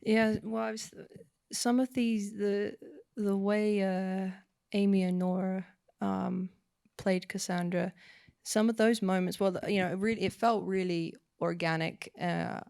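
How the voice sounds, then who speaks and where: A woman's voice: mid-range voice, fairly even intonation, measured pace, creaky, darkish tone, smooth, no echo, clean studio sound. A woman interviewing a guest, asking rambling conversational questions.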